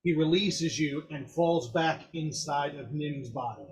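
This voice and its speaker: A man running a tabletop game as game master, narrating actions in a relaxed, descriptive way. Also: a little high, unhurried, a little hiss or hum.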